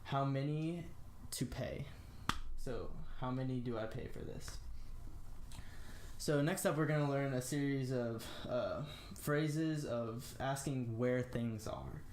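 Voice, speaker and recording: Young man, from the US, casual tutor, says phrases slowly, echoey room, faint hiss. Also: medium pitch, a little mellow. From United States. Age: young adult. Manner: slow, careful demonstration of phrases with frequent fillers. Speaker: language tutor. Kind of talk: casual spoken language lesson.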